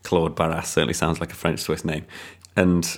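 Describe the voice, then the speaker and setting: Low-voiced man reviewing films. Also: flat delivery, normal speed. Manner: rambling, enthusiastic, frequent ums. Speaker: podcast film reviewer. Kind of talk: casual chat.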